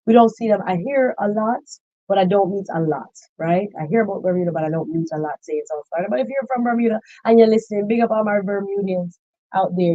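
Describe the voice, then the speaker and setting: Animated woman giving casual reaction commentary. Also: medium pitch, dry recording. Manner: animated, exclaiming, acts out quoted reactions. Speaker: political commentary host. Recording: slightly dull, lo-fi sound.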